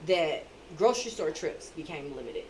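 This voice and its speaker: A middle-aged woman hosting a casual chat, who tells stories in an animated, emphatic way. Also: low-pitched, normal speed, low-quality recording.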